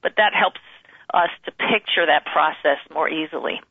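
Calm guest speaking over a phone line. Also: medium pitch, moderate pace, no echo. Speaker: guest medium. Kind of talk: conversational interview.

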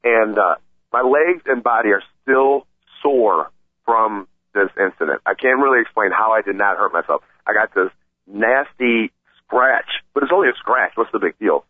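A man telling a story in a casual chat, excited and rambling, often stammering and restarting. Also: fairly low pitch, normal speed, no room sound. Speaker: podcast regular telling a story. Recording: tinny phone-like sound.

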